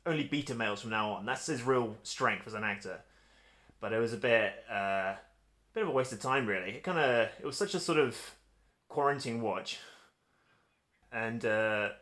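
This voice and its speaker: A man's voice: mid-range voice, a bit bright. A man co-hosting a podcast, chatting casually and giving wry, opinionated takes. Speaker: podcast co-host. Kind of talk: casual chat.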